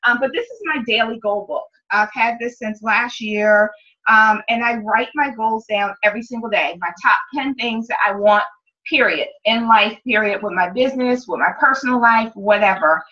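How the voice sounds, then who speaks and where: A woman's voice: on the high side, normal speed, bright, forceful tone, dull audio. Upbeat, candid woman leading a sales meeting. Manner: upbeat, candid, emotional, swears casually. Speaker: sales team leader. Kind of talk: motivational team meeting talk.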